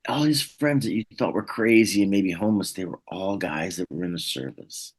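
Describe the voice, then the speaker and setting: Animated middle-aged New storyteller. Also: male voice, low voice, normal speed, slightly rough. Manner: animated anecdotes, acts out voices. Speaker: interview guest. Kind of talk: casual interview storytelling.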